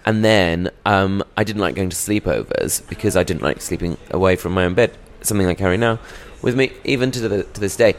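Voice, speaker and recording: A man's voice: low-pitched, fairly quick, few pauses. A young British man, a touring stand-up comedian, chatting in a rambling, self-deprecating way in a podcast interview. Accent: British English. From England.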